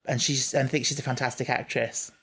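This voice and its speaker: A man's voice: medium pitch, level tone, fast talker, vocal fry, a bit bright, slightly rough. A man co-hosting a casual podcast, chatting enthusiastically and explaining things at length. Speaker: podcast co-host. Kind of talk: casual chat.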